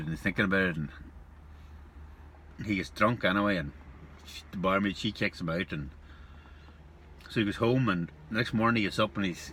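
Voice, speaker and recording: A man hosting a casual vlog, telling a joke and rambling in a relaxed way. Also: fairly low pitch, a little hiss or hum. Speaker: pipe-smoking channel host.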